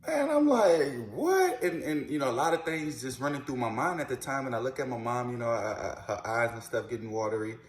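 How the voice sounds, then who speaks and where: A man's voice: medium pitch, steady tone, fast talker, few pauses. A man in his thirties from New Orleans, telling his own story casually to camera, with lots of "you know" and "man" and repeated words. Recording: roomy echo.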